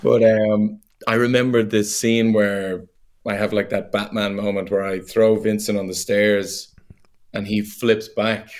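An Irish man, a young adult actor, chatting as a guest in an interview, animated and full of fillers and laughs. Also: lowish voice, unhurried. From Ireland. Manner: animated storyteller, laughs easily, many fillers. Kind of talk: casual interview chat.

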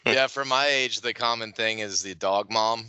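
A man's voice: on the low side, moderate pace, pushed and bright, clear, resonant tone, no room sound. A man co-hosting a podcast, telling things in a loose, offhand casual chat. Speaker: podcast co-host.

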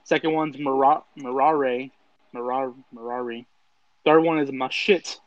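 A man's voice: medium pitch, steady tone, measured pace, no room sound, dull audio. Laid-back podcast co-host man. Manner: laid-back, easygoing, loose. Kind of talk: casual chat.

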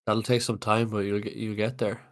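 Sick man with a flat, low voice. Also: a little fast. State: sick with a cough. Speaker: podcast co-host. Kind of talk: casual chat.

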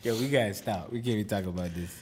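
A man's voice: fairly low pitch, rapid-fire, slightly rough. A man, co-hosting a casual chat, joking and teasing with frequent laughs. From North Carolina.

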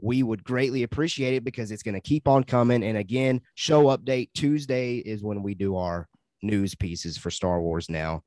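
A man's voice: fairly low pitch, a little mellow, dry recording. A man hosting a podcast in casual chat, upbeat and laughing easily as he leads into the next topic. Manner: upbeat, laughs often, quick transitions. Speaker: podcast host.

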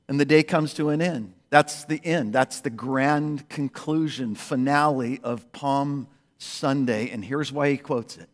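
A man preaching a sermon as pastor, animated, jumping between loud exclamations and hushed asides. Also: medium pitch, unhurried. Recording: long hall reverb.

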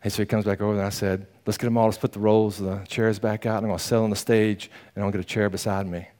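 A man, a pastor preaching a sermon in a folksy, animated storytelling manner, acting out the quotes. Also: on the low side, fast talker.

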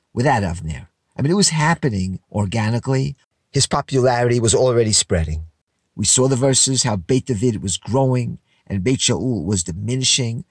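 A man's voice: mid-range voice, slightly rough, dry recording, clean studio sound. A man teaching a Bible lesson verse by verse in a casual, explanatory way, reading Hebrew phrases and translating them into English.

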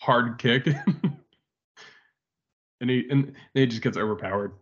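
A man's voice: mid-range voice, a little slow, fairly bright tone. Laughing, chiming-in man on a podcast. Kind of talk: casual chat. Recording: slightly dull recording.

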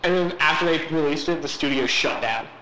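A man's voice: on the high side, fairly quick, sharp tone. A young man co-hosting a casual podcast, rambling and chatty with frequent laughs. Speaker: podcast co-host. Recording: echoey room with background noise.

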